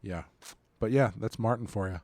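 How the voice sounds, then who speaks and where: A man's voice: lowish voice, moderate pace, darkish tone, dry recording. Man co-hosting a casual movie podcast. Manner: rambling, many fillers and restarts. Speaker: podcast co-host.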